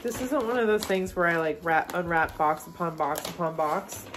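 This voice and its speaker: A woman's voice: lowish voice, normal speed, soft background music. A young woman gushing and gasping as she unboxes a gift for her vlog. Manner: gushing, excitable, frequent gasps and "oh my gosh". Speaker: manga vlogger. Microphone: phone camera.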